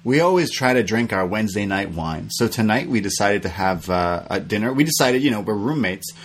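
A man's voice: on the low side, brisk, slight background noise. A young adult man co-hosting a podcast, telling stories in casual chat and acting out the quotes. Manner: animated storytelling, acts out quotes. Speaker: podcast co-host.

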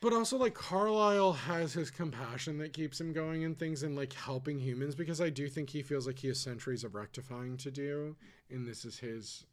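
A man co-hosting a podcast, chatting casually with lots of fillers and quick asides. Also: fairly high pitch. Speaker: podcast co-host. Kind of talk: casual chat.

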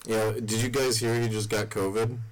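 A man's voice: lowish voice, little pitch movement, moderate pace. A young man chatting casually on a podcast, laid-back and swearing casually. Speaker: podcast co-host.

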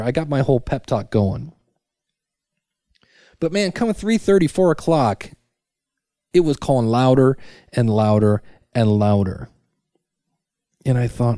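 A man's voice: mid-range voice, a little slow, long pauses, mellow, dry recording, studio quality. A middle-aged man hosting a casual solo podcast from his basement, chatty and full of restarts and self-talk asides. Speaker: podcast host. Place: home basement. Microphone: studio microphone.

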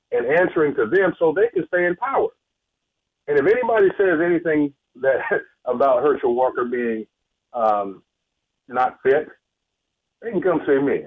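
A caller on a thin, phone-like line speaks in a husky voice. He is a man whose Southern US accent has been toned down, and he talks heatedly, stumbling and repeating words as he presses his point. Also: mid-range voice. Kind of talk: call-in talk radio opinion.

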